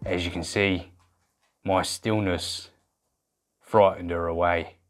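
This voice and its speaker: Woman doing a deep-voiced Australian bloke artist. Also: fairly even intonation, takes it slowly, soft background music. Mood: mock-serious. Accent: put-on Australian. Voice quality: deep, exaggerated drawl. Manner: jokey bush-adventurer bravado. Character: hearty bearded Australian male artist, showman.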